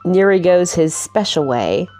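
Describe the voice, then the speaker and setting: A woman's voice: fairly low pitch, very animated, unhurried, mellow, soft background music. A woman giving a casual, chatty movie review, self-mocking and laughing at her own jokes.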